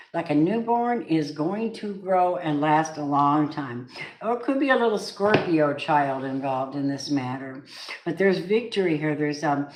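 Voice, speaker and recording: Chatty low-voiced woman reading tarot. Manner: chatty, excitable, gasps and laughs, breaks into song. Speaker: tarot reader. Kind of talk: casual tarot reading livestream. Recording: echoey room with faint noise.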